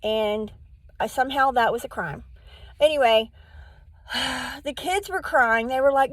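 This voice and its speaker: Middle-aged woman vlogging, high voice, rambly and candid, dry close sound. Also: expressive, measured pace, long pauses, a bit bright, no room sound, rough recording. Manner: candid, rambling, acts out quotes in the telling. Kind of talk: casual storytelling to camera.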